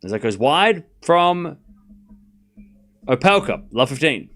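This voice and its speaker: A man hosting a live stream, calling tennis points with excitable play-by-play and chatting casually with his viewers. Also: on the high side, slow. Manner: excitable play-by-play mixed with laid-back banter to chat. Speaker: stream host doing live tennis commentary.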